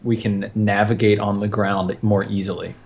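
A man's voice: on the low side, level tone, normal speed, vocal fry. Chatty man playing a tabletop game. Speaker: player. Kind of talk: tabletop role-play chat.

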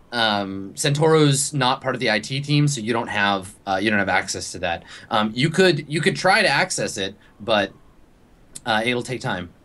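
A man's voice: mid-range voice, a bit bright. A young man narrating a tabletop game as game master, speaking loosely with many fillers.

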